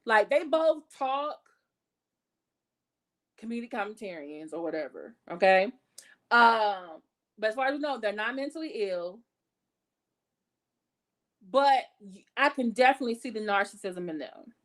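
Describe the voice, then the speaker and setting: A woman's voice: fairly high pitch, lively intonation, measured pace, long pauses, a bit bright. A woman hosting casual gossip commentary, blunt and profane, chatty with fillers and self-corrections. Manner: blunt and profane, talks with her hands in her words. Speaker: commentary channel host.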